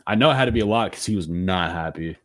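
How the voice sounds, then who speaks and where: A young man co-hosting a podcast, telling a story in a slangy, profane, animated way. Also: low-pitched, fast. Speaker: podcast co-host. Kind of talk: casual storytelling chat.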